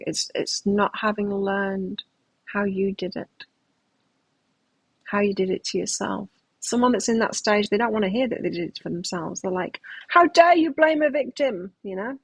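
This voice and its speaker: A woman's voice: medium pitch, vocal fry, breathy edge, no echo, low-quality recording. A middle-aged woman giving a live tarot reading, talking in a reflective, self-help manner with frequent restarts. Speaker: tarot reader.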